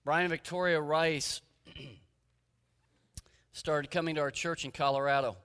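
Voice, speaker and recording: A man's voice: on the high side, fairly even intonation, slow pace, fairly bright tone, smooth. A man preaching a sermon, telling stories and retelling the conversations in them. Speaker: pastor. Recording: reverberant hall.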